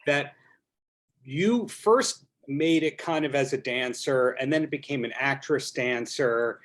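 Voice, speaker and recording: A man's voice: mid-range voice, measured pace. A man hosting a casual interview over a video call, asking jokey, chatty questions. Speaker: podcast host.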